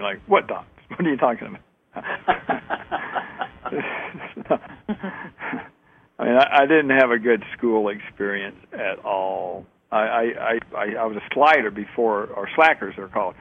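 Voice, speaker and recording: Man, co-host, relaxed and talkative, husky voice, tinny narrow-band radio sound. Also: fairly low pitch. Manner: chatty, laughs easily, loose trailing sentences. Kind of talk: casual radio talk.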